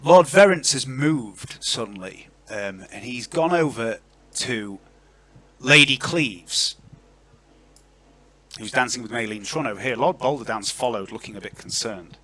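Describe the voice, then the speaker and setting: A man narrating a tabletop role-playing game as game master, in an animated and chatty way. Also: mid-range voice, measured pace.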